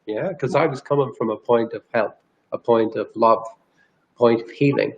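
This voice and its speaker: A man's voice: mid-range voice, fairly even intonation, moderate pace, vocal fry, dull audio. A man from Ireland, a guest energy healer telling a personal story in an interview, earnest and rambling, with restarts. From Northern Ireland.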